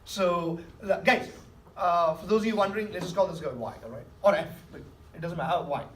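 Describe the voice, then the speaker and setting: Fairly bright in tone and high-pitched, a man's voice moves a little fast as he teaches math, coaxing his students and often asking whether they understand. The classroom recording is distant and echoey, with a faint hiss.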